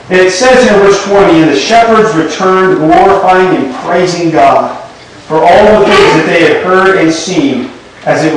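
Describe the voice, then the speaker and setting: Man preaching, high voice, storytelling, emphatic peaks, echoey church from far off. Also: a little hiss or hum. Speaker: pastor. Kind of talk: sermon. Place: church sanctuary.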